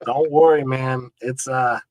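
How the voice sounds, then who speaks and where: A man's voice: medium pitch, fairly even intonation, measured pace, a little mellow, dry recording, low-quality recording. A man talking as an easygoing music producer guest in a casual interview, with frequent repeats and fillers. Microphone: remote call setup.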